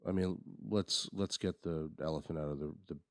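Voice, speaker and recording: Podcast co-host, male, very low voice, dry mic, rambling casual delivery. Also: fairly even intonation, normal speed, no echo. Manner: rambling, frequent restarts and fillers. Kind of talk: casual movie review chat.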